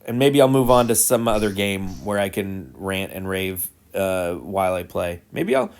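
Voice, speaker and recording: A man hosting his own gaming video, ranting in an exasperated, animated way about a movie while he plays, with sighs and laughs. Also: deep voice, moderate pace, gravelly, smooth. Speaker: gaming channel host. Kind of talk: casual ranting gameplay commentary.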